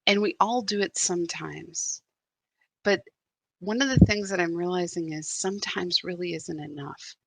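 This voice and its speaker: A woman's voice: fairly low pitch, moderate pace, gravelly, no echo. A woman spiritual guide giving a live meditation talk, telling a candid story that turns reflective.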